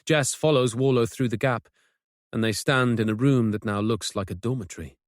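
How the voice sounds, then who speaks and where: A man narrating a mystery audiobook in a measured, suspenseful way, on a close studio mic. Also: medium pitch, no room sound. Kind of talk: scripted narration.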